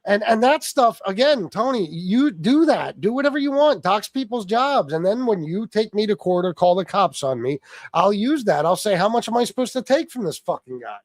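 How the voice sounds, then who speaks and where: A man's voice: high-pitched, big pitch swings, moderate pace, dry recording, clean studio sound. Angry profane man ranting on a livestream. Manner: combative, profane, repeats himself. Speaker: livestream host.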